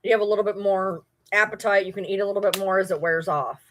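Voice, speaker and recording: A woman's voice: mid-range voice, fairly even intonation, fast, a little hiss or hum. A woman from Michigan with a Michigan accent, chatting casually on a livestream, rambling and answering viewer comments. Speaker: livestream host.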